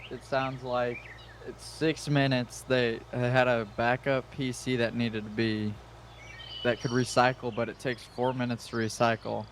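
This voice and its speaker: A man's voice: medium pitch, little pitch movement, a little slow. A man with an ordinary mid-range voice joining a gaming stream as co-host. He answers in short, casual remarks and laughs along with the host, with faint noise in the background. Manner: brief replies, laughs along. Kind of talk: casual chat.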